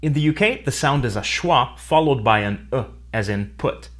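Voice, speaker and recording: A man giving a scripted English lesson, explaining clearly with dry humor. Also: mid-range voice, animated, normal speed, a bit bright. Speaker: English teacher. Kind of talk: scripted educational narration.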